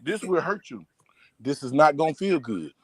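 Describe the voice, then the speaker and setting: A man's voice: a little high, very animated, normal speed. An older man joining a casual live-streamed chat as a guest, rowdy and joking and swearing freely, over a video call.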